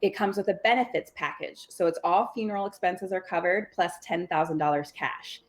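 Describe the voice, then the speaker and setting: Woman quoting a slick male con-man salesman, glib fake-sympathetic patter, lowish voice. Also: fairly quick, natural voice. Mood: smarmy.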